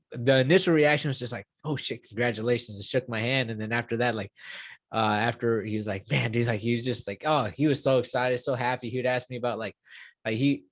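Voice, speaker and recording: A man's voice: medium pitch, dry recording. A young man in his twenties talking casually in an interview, rambling with many fillers and restarts and swearing now and then. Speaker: UFC fighter.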